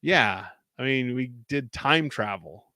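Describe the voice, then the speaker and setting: Casting note: mid-pitched male co-host, laid-back, dry close sound. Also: animated, takes it slowly, sharp tone, no room sound. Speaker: podcast co-host. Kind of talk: casual chat.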